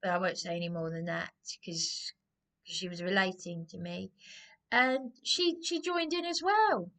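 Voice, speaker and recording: A woman ranting about personal grievances in a rambling, agitated way, often repeating herself. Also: on the high side. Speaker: vlogger. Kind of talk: aggrieved personal rant to camera.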